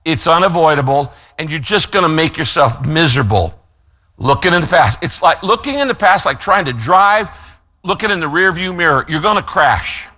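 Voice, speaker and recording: A man preaching a sermon as pastor, emphatic, slowing down to stress key phrases and telling listeners what to write down. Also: fairly high pitch, animated, pushed and bright. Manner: gives note-taking instructions to listeners.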